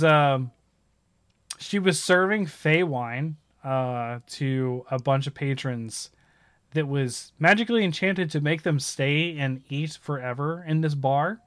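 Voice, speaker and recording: A man chatting casually about games, rambling and animated as he tells stories. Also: a little high, clean tone, dry recording, clean studio sound. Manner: rambling, animated storytelling with laughs.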